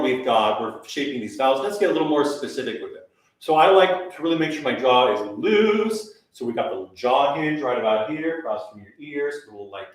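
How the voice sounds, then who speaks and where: A man teaching a live online voice lesson, coaching in a relaxed, chatty way and demonstrating vowel sounds. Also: fairly high pitch, recorded from a distance. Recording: very echoey room, voice heard from afar.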